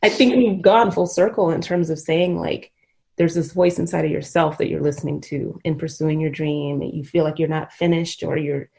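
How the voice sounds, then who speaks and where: A woman's voice: sits low, fairly even intonation, normal speed, creaky, darkish tone. A middle-aged woman hosting a podcast interview, talking in an earnest, reflective, rambling way. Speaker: podcast host. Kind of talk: emotional conversational interview.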